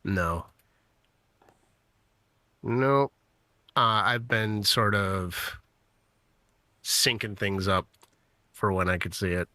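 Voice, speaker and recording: A co-host speaks slowly in a low but bright voice, easygoing and quick to agree. The sound is dry and close, with no room around it. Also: male voice, dry recording. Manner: easygoing, brief replies. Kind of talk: casual chat on a voice call.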